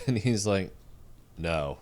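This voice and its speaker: A man co-hosting a casual film podcast, laughing a lot and acting out movie quotes in a higher voice. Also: animated, a little slow, smooth. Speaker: podcast co-host.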